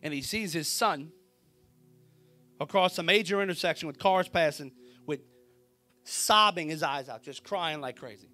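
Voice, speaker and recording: A man preaching a sermon, telling a story with drama and swinging from a hushed voice to a shout. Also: on the high side, normal speed, pauses often, soft background music. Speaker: pastor.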